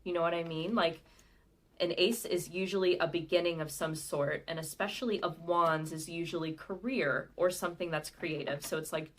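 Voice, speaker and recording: A woman giving a live tarot reading in a relaxed, conversational way. She speaks in a slightly low voice and often pauses on soft fillers as she follows her intuition. The delivery is gentle and friendly. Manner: chatty, gentle and intuitive, with frequent "like" and "um". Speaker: tarot card reader. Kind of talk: live pick-a-card reading.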